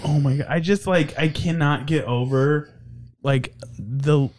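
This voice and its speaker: A man's voice: a little high, unhurried, darkish tone, a little hiss or hum. A man co-hosting a podcast in casual chat, rambling with many fillers and restarts and swearing freely. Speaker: podcast co-host.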